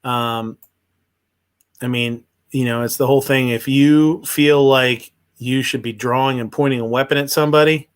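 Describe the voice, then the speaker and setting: A man's voice: mid-range voice, steady tone, normal speed, clean tone. Rambling man hosting a livestream. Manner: rambling, hesitant, many fillers and restarts. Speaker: livestream host. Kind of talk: casual commentary on news.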